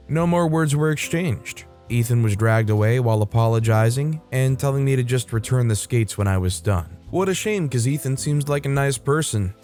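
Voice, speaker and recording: A man hosting a storytelling channel, reading online stories aloud in an expressive, upbeat way with frequent lifts in pitch. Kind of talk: scripted narration of online stories.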